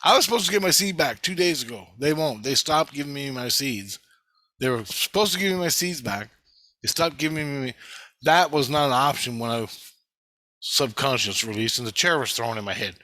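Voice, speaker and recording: A man's voice: mid-range voice, expressive, normal speed, bright, forceful tone, dry recording. A middle-aged man talking in a rambling, profane, intense personal monologue as a vlogger.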